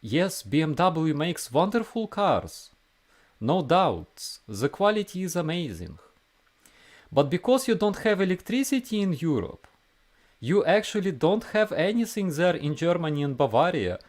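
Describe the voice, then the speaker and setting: A man voicing earnest elderly Russian village grandmothers in a put-on Russian accent, raising his voice high into a pleading sales pitch. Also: sing-song, a little slow.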